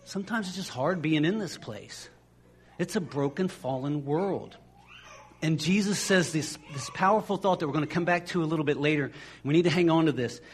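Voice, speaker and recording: A man's voice: fairly high pitch, normal speed. A man preaching a sermon as pastor, in a conversational way, often repeating words as he restarts a phrase and acting out the voices of people in the stories.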